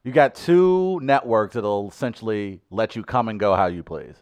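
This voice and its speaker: A man's voice: fairly low pitch, expressive, normal speed, darkish tone, no room sound. A man co-hosting a casual podcast, joking around and trying out impressions. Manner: jokey, tries voices and impressions. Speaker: podcast co-host. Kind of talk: casual chat. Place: St. Louis.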